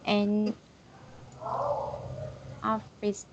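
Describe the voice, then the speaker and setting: A woman's voice: medium pitch, completely flat delivery, drawn-out words, dull audio, crowd noise. A woman learning English, reading lines and carefully repeating words after her tutor. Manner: careful, hesitant repetition.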